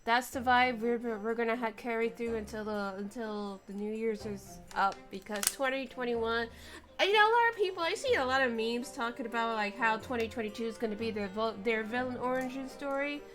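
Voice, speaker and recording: A young woman streams herself reading a game aloud and chats between lines. She sounds tired and rambling, jokes and swears, and her voice sits high. Soft lofi music plays low underneath. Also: fairly quick. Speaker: streamer playing and voicing a game. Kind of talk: casual game commentary with voiced dialogue.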